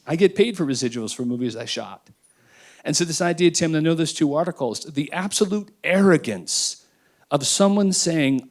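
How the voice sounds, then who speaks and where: A man speaking on a panel, emphatic and emotional, swinging between loud declarations and quiet asides. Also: a little high, lively intonation, normal speed. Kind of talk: impassioned panel talk.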